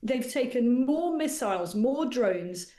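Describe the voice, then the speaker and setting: A woman's voice: on the high side, expressive, dark tone. Assertive female commentator in an echoey studio. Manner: articulate, assertive, measured. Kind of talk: opinionated radio debate.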